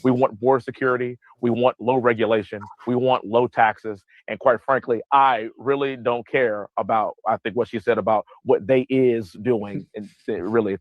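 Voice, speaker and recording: Politician guy talking formal and measured, dull dry audio. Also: mid-range voice, fairly even intonation, dry recording.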